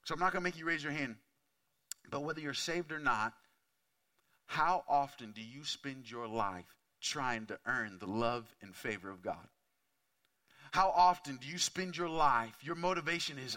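Bright-voiced man preaching conversationally. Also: mid-range voice, moderate pace. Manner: candid, conversational preaching with many asides; swings from quiet to loud and intense. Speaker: pastor. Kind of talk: sermon.

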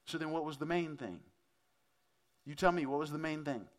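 A man preaches as a pastor in an easygoing, conversational manner, frequently asking his listeners questions. His voice is a little high, and he keeps a moderate pace.

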